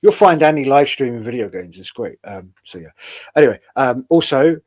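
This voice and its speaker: A man's voice: medium pitch, animated, normal speed, a little mellow. A man hosting an online show in a casual, rambling, profane way. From United Kingdom. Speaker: podcast host. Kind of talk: casual chat.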